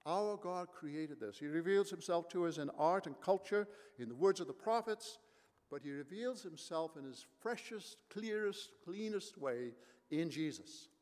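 A man's voice: fairly high pitch, animated, unhurried, darkish tone, in a large hall. A man preaching a sermon as pastor, emphatic and full of rhetorical questions.

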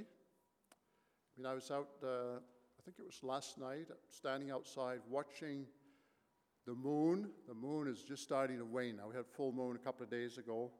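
A man's voice: medium pitch, a little mellow, in a large hall. A man preaching a sermon as pastor, emphatic and full of rhetorical questions.

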